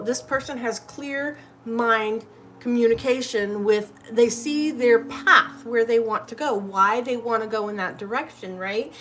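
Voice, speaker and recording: Woman doing a live tarot read, super chatty, high voice, soft music in the back. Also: a little slow. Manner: chatty and effusive, often says "literally" and "right?". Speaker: tarot reader hosting a live stream.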